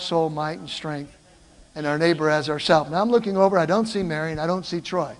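An older man preaching a sermon, telling stories in an animated way and calling out to the congregation. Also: on the high side, fairly quick, long reverb tail. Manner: animated storytelling, calls out to the congregation. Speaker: pastor. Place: church.

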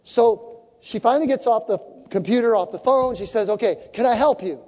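A woman preaching a sermon as a story, animated and acting out the conversations she tells. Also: on the high side, moderate pace, big-room sound.

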